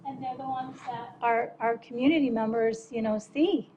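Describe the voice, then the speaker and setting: A woman's voice: fairly high pitch, fairly even intonation, normal speed, darkish tone, slight background noise. Off-mic woman chiming in at a meeting. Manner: brief supportive interjections. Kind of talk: meeting discussion. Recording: dull, off-mic meeting audio.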